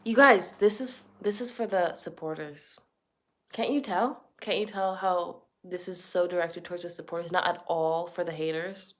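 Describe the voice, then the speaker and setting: A woman's voice: lowish voice, normal speed, fairly bright tone. A young woman hosting a reaction channel, giving blunt, sarcastic and profane casual commentary. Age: young adult.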